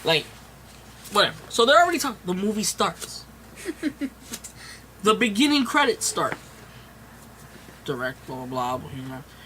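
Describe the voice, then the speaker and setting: Ranting, foul-mouthed man with a bright voice. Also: sits high, a little hiss or hum. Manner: profane, ranting. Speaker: podcast guest. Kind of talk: casual chat.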